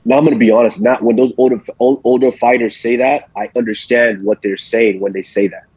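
A champion fighter, born in Nigeria and raised in Texas, answers interview questions as a guest in a relaxed way, often repeating words while he thinks. His husky, medium-pitched voice moves fairly quickly, and the rough recording has no echo.

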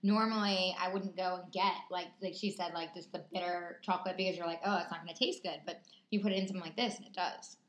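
A woman's voice: on the low side, fairly even intonation, fast talker, few pauses. A young woman co-hosting a podcast, giggly and teasing in casual chat. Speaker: podcast co-host. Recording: echoey room with faint noise.

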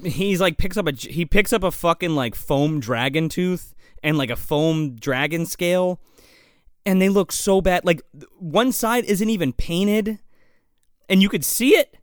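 A man in casual chat as a podcast co-host, animated, swearing a lot and laughing often. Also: sits high, measured pace, no room sound, clean studio sound.

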